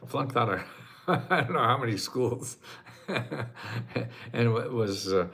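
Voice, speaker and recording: Laughing, gravelly man in his eighties. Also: medium pitch, expressive, takes it slowly, a bit bright. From United States. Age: 80s. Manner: self-mocking, laughs often, emotional. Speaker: host answering viewer questions. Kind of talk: casual livestream chat.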